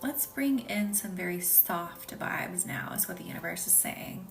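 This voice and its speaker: A woman with a Midwestern accent, hosting a live reiki session, chatting and reading out viewer comments, sometimes dropping into a soft whisper. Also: on the low side, expressive, unhurried, gravelly. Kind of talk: live-stream chat with viewers. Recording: distant mic with faint music behind.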